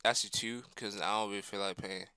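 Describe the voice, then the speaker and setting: A man's voice: on the low side, steady tone, quick pace, bright, forceful tone, smooth, no echo, studio quality. A young man casually commenting on a game he is playing, rambling in slang and chatting to his viewers. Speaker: gaming streamer.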